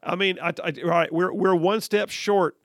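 A radio talk show host with a high, slightly bright voice speaks at a moderate pace with fairly even intonation. He reads political headlines aloud on his show and mocks them sarcastically, laughing often. The recording is clean studio sound with no room echo.

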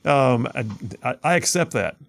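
A man's voice: mid-range voice, animated, normal speed, vocal fry. A man hosting a conservative talk radio show, reading listener messages aloud and giving blunt, opinionated commentary with frequent restarts.

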